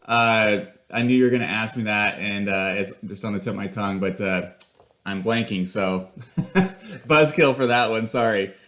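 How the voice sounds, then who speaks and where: A man's voice: lowish voice, normal speed. Enthusiastic man hosting a podcast. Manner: enthusiastic, energetic. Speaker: podcast host. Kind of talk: upbeat podcast interview.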